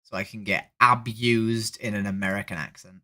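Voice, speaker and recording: Sweary bright-voiced woman streamer. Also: very deep voice, moderate pace. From Leeds, England. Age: 30s. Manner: blunt, sweary, animated. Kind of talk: casual video-chat streaming.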